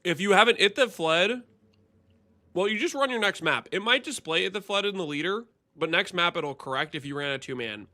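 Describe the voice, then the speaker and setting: Male game streamer, bright and sharp tone, a bit high-pitched, teasing banter with chat. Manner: excitable, teasing, quick to laugh and banter with chat. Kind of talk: casual live gameplay commentary to chat.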